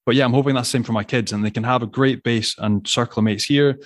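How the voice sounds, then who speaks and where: A man's voice: mid-range voice, fairly even intonation, fast talker, no room sound, clean studio sound. A Scottish man hosting the interview, chatting in a rambling way and laughing easily. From Scotland. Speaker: podcast host. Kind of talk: casual interview chat.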